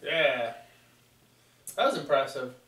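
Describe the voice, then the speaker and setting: A man co-hosting a casual wrestling recap, chiming in with quick quips and jokes. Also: medium pitch, animated, a bit bright, recorded from a distance. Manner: chimes in with quick quips and sound effects. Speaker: podcast co-host. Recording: echoey room, voice off-mic.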